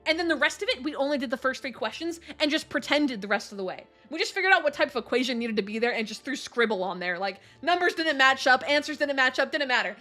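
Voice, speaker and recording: Young woman, streamer, high voice, bright tone, animated storytelling, casual swearing. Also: fast talker, hardly any pauses, faint music behind.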